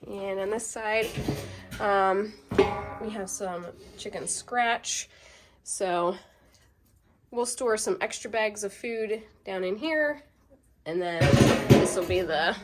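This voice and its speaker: Chatty woman vlogging on her farm. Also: medium pitch. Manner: chatty, bubbly, laughs easily. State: slightly out of breath. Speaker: homesteading vlogger. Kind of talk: casual vlog walkthrough. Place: outdoors on a farm, by a chicken coop. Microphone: handheld camera.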